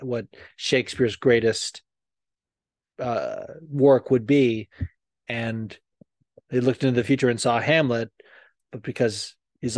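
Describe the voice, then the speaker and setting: A man hosts a podcast in a rambling, casual way, packed with swearing and fillers. His voice sits at a middling pitch. The studio sound is dry and close. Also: a little mellow, no echo. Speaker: podcast host. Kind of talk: casual chat.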